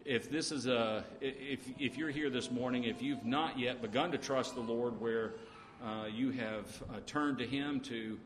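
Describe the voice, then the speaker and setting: A man preaching a sermon, talking in a halting way with frequent pauses and restarts. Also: mid-range voice. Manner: halting, many uh fillers and restarts. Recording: echoey hall with faint noise.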